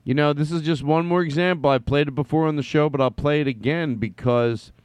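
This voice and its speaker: Smooth, dry-voiced rambling male podcast host. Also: on the high side, fairly quick, dry recording. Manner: rambling, blunt, swears casually. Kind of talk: casual solo podcast talk.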